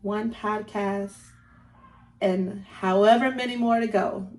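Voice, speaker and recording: A woman's voice: mid-range voice, steady tone, takes it slowly, darkish tone, faint music behind. A woman in her thirties hosting a faith podcast, talking earnestly and encouragingly and repeating phrases for emphasis. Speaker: podcast host.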